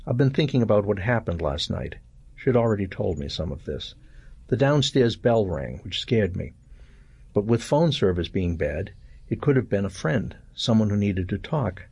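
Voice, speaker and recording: An older man reading a first-person short story aloud in a calm, measured way. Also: on the low side, creaky, husky, no echo. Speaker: narrator.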